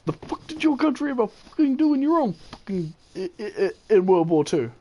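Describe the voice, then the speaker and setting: A man's voice: sits high, very animated, brisk, a little hiss or hum, pitched above the performer's own voice. A man mimicking an angry swearing gamer. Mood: angry ranting. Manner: shouting, swearing, ranting. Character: angry foul-mouthed young male online gamer.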